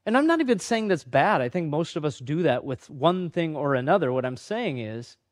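High-voiced man preaching a casual sermon. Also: big pitch swings, normal speed. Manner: conversational, self-deprecating, acts out quoted voices. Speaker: pastor.

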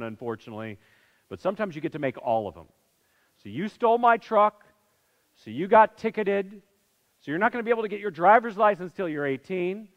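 Preaching man in a reverberant hall. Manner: swings between loud bursts and hushed low lines. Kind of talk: sermon storytelling. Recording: reverberant hall, dull sound.

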